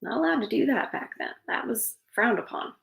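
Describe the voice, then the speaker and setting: This storyteller's voice is a little high, animated and creaky, moving a little fast. She reads a fairytale aloud and interrupts herself with sarcastic commentary between passages. The recording is muffled and has a roomy echo.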